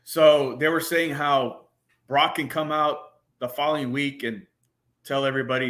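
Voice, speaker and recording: A man talking casually as a guest on a podcast, excited and profane, with frequent stumbling restarts. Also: mid-range voice, moderate pace. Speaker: guest panelist.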